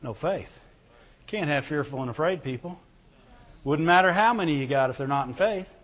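A man's voice: fairly high pitch, lively intonation, moderate pace, fairly bright tone. A male preacher giving a fervent sermon to a congregation, calling out for amens and reading scripture in old biblical wording. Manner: fervent, calls out for amens and glory to God. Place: church hall before a congregation. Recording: echoey hall, dull lo-fi sound.

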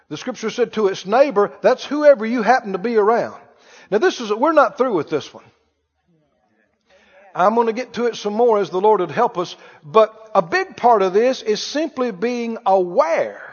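In a high, expressive voice at normal speed, a man preaches a sermon as pastor, chatting with his congregation and quizzing them with questions. The recording is muffled, with hall reverb.

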